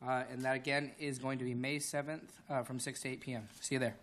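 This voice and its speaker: A man's voice: mid-range voice, level tone, fast, fairly bright tone, slight background noise. A man, a city council member, giving community announcements casually with many fillers. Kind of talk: meeting announcements.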